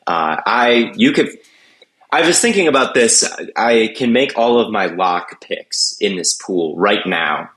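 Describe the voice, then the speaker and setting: A man's voice: fairly low pitch, slow pace, hardly any pauses, a bit bright. A man hosting a casual sports podcast, opinionated and often restarting his sentences. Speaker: podcast host.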